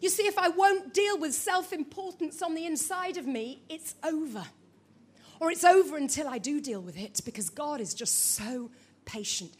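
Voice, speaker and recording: A woman preaching a sermon, telling a story with animated delivery and calling out to the congregation. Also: very high voice.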